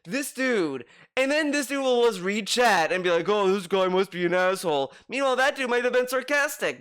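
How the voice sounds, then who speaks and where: A man's voice: high-pitched, fairly bright tone. Sarcastic, swearing man ranting. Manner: sarcastic, profane, exasperated. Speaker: commentary YouTuber. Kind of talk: ranting reaction commentary.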